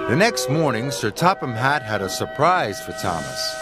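Slow, expressive male storybook narrator. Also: medium pitch, a little hiss or hum. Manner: expressive and measured.

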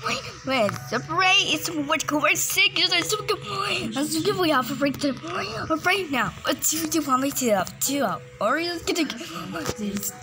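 A woman giving excitable, casual gameplay commentary, exclaiming and repeating her words. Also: high-pitched, unhurried, few pauses, rough recording. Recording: game music playing behind.

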